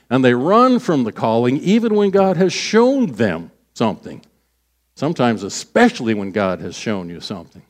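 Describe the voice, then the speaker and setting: Man, pastor, conversational sermon, middle pitch, acts out quotes. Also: big pitch swings, normal speed.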